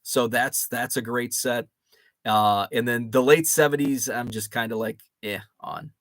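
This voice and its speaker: A man's voice: medium pitch, steady tone, unhurried, a bit bright, dry recording. A man, hosting a casual live chat and reading viewer comments with many fillers and restarts. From Chicago area. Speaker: host.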